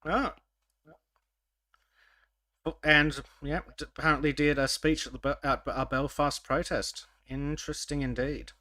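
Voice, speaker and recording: A man hosting a podcast in casual chat, wry and sarcastic, with halting restarts. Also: a little high, steady tone, pushed and bright, dry recording. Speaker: podcast host.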